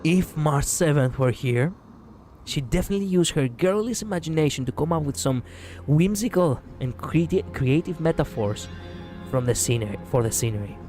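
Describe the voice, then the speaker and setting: With faint music behind him, a Greek streamer reads game text at a moderate pace in a fairly high, expressive voice with a dark tone. Between lines he jokes around and bursts into laughter.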